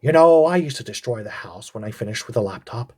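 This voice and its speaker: A man hosting a comedic TV review, mocking the episode with crude, deadpan jokes. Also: medium pitch, fast, breathy edge.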